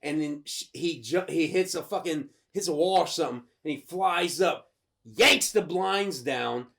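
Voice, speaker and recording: A man co-hosting a podcast in casual chat, excitedly retelling a film with lots of swearing and acted-out bits. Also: on the high side, a little slow, gravelly. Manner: excited, swearing, acts out scenes. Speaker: podcast co-host.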